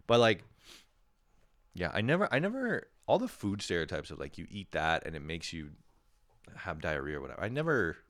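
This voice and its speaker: A man hosting a podcast, rambling through a self-mocking comedic monologue, swearing often and breaking into sudden loud animated bursts. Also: low voice, no room sound. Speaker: podcast host.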